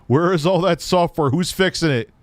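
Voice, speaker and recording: A man's voice: a little high, normal speed, dry recording. A man hosting a live stream, mocking an old tech review with sarcastic, swearing asides. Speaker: host reacting to an old review video. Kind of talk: casual livestream commentary.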